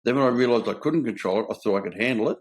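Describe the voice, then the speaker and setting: Speaking rapid-fire in a mid-range voice, an older man with an Australian accent hosts a frank conversation. He recounts his own recovery earnestly and bluntly, acting out stories with quoted dialogue.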